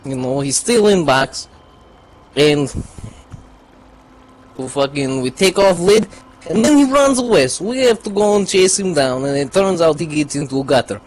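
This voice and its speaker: A man's voice: fairly high pitch, moderate pace, pauses often, close to an everyday voice. A man doing a put-on Russian accent as a crude young storyteller, telling a rambling comic tale in broken English with lots of swearing. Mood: deadpan. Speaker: gaming group regular.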